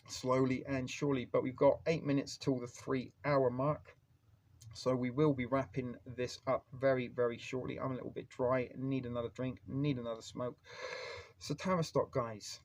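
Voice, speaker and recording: Gravelly-voiced man hosting a live stream. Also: medium pitch, a little mellow. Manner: rambling, chatty, greets viewers by name. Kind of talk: casual live-stream chat. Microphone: phone.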